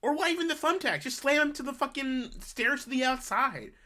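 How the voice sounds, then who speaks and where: A co-host on a casual wrestling discussion stream, giving quick, sarcastic commentary. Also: sits high, expressive, bright, forceful tone. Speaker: podcast co-host.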